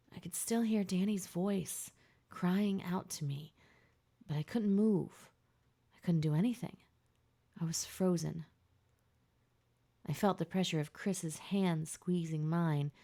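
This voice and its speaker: A woman narrating a first-person audiobook in a hushed, tense, emotional way. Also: fairly low pitch.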